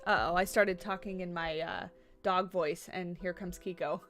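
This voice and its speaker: A woman's voice: medium pitch, moderate pace, fairly bright tone, soft background music. A woman livestreaming a game from her home office, chatting casually and cooing at her dogs. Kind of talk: casual livestream commentary while playing. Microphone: USB condenser desk mic.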